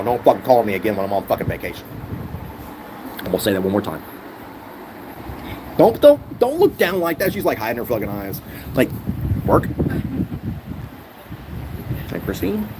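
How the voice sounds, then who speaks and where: A man's voice: mid-range voice, a little fast, long pauses, background noise. A man vlogger telling a rant-style story with heavy swearing and a lot of repetition. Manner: animated, profane, repeats himself.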